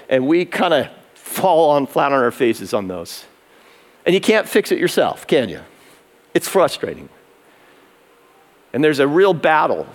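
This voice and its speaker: A man pastor preaching an emphatic sermon that builds in intensity, in a converted barn used as a church. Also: fairly high pitch.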